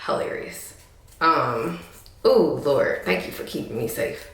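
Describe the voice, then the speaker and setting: A young woman telling a storytime to camera in an animated, sassy way, talking straight to her viewers. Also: sits low, a little slow. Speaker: vlogger. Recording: echoey room.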